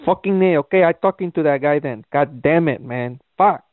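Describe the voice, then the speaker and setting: A man's voice: on the high side, normal speed, no echo. A man making a prank call, belligerent and swearing, speaking broken English over a tinny phone line. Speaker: prank caller.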